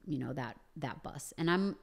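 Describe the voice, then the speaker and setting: Woman, low voice, casual storytelling, chatty, many fillers. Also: lively intonation, moderate pace, gravelly. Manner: chatty, lots of fillers like "you know".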